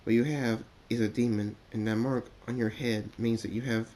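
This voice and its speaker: A man's voice: medium pitch, fairly even intonation, normal speed, darkish tone, close to an everyday voice. A man voicing a studious female pony princess, earnest and worried as she explains. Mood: grave.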